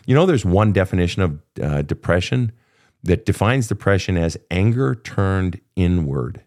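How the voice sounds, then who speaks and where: In this emotional coaching session, a man in his fifties with a warm, low-pitched voice guides a guest through pain from childhood. Serving as the therapist host, he's impassioned and blunt, cursing freely as he speaks.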